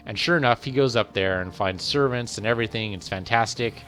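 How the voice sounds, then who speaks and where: A man's voice: on the low side, fairly quick, a bit bright, soft background music. A man hosting a game video, casually retelling a fairy tale in a rambling, conversational way. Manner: rambling, conversational, repeats phrases. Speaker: let's play host. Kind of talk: casual storytelling while playing.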